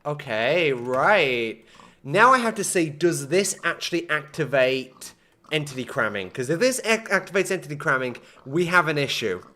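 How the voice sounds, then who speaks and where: A young man commentating his own gameplay live, excitable and self-mocking, talking to chat. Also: on the high side, moderate pace. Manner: excitable, self-mocking, swings between frustration and laughter. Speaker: gaming streamer.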